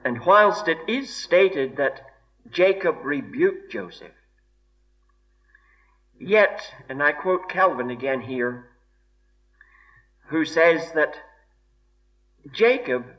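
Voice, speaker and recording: A man preaching an expository sermon in a slow, measured way, weighing each word with deliberate emphasis. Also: fairly high pitch, a bit bright. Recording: dull lo-fi recording.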